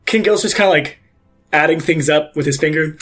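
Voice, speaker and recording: A man's voice: on the high side, brisk, fairly bright tone, faint music behind. A man narrating a tabletop game as game master, rambling with many fillers.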